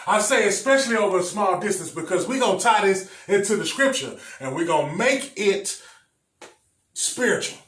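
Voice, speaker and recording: A man's voice: sits high, animated, brisk, few pauses, a bit bright. A male preacher teaching a sermon. He talks emphatically, repeats his phrases and addresses the congregation directly. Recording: echoey room, mic at a distance.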